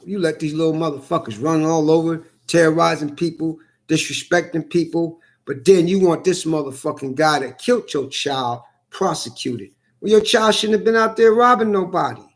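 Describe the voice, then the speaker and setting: Brief: high-pitched man, angry profane vlog rant, repetitive and heated. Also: normal speed. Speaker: vlogger. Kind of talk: angry ranting monologue.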